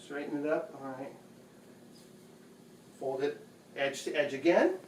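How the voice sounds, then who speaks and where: A man's voice: fairly high pitch, a little slow, slight background noise. Man explaining chores in an echoey room. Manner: chatty, patient, repeats phrases. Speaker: home video host. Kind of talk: casual how-to demonstration. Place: bedroom at home. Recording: echoey room, distant mic.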